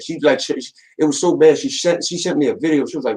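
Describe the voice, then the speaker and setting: A man's voice: fairly high pitch, rapid-fire, a little mellow, rough recording. A young man talking casually on a podcast, slangy and emphatic, often repeating himself as he makes his point. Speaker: podcast co-host.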